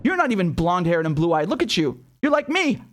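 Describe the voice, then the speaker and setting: Fired-up, high-voiced male commentator. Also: sing-song, brisk. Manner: heated, profane, emphatic with many repeated words; rhetorical and mocking. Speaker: political commentator. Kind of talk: indignant political commentary.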